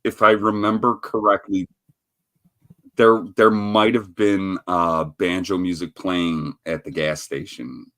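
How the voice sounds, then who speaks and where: Low-voiced, profane male streamer. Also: level tone, takes it slowly, a bit bright. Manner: profane, rambling storyteller who laughs often. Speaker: livestream host. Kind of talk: casual livestream chat.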